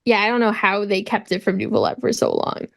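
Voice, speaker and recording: A woman's voice: mid-range voice, big pitch swings, fairly quick, gravelly, fairly bright tone. A woman co-hosting a podcast, explaining points plainly and sure of her facts. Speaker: podcast co-host. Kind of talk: casual chat.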